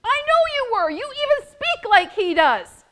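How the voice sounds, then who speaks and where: A woman voicing a sharp, certain young servant girl who points someone out in a shrill, emphatic voice. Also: big pitch swings, measured pace, full character voice. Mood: accusing.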